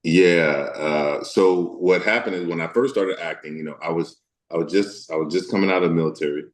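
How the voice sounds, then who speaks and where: Echo fills the room as a man from the American Deep South, an actor, speaks openly as an interview guest. He pauses often and thinks aloud, using many fillers.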